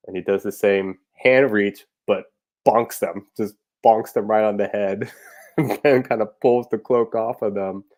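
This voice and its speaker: A man's voice: fairly low pitch, a little mellow. A man chatting casually about his parody episode ideas, loose and rambling with lots of fillers, chuckling at his own jokes. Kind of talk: casual rambling talk to camera.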